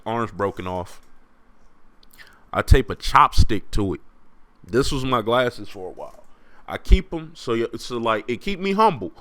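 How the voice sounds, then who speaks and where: Young man, podcast host, casual storytelling, slangy, animated, low voice, dry close sound. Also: no room sound. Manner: animated, slangy, laughing, with acted quotes.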